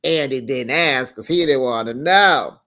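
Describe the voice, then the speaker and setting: The host of a reality TV recap channel, a man, gives casual commentary on a reality show, sassy and chatty and often laughing between remarks. His mid-range voice is bright and forceful, and he talks a little slowly.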